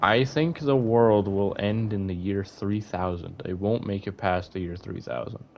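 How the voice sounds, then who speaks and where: A man's voice: fairly low pitch, a little slow, gravelly, a little mellow, a little hiss or hum. A young man streaming, chatting casually to his viewers, rambling with lots of fillers and restarts. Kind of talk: casual live-stream chat.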